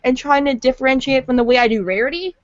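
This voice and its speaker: A woman's voice: high voice, quick pace, no room sound. A woman who is a fan voice actor, chatting casually and rambling a bit, on dull lo-fi audio. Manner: chatty, rambling, self-deprecating. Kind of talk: casual podcast chat.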